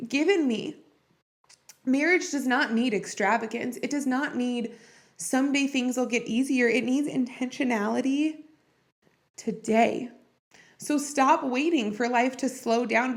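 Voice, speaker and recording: A woman hosting a podcast, speaking in a heartfelt, personal and encouraging way about faith and marriage. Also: sits high. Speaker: podcast host. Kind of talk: earnest faith-based marriage talk.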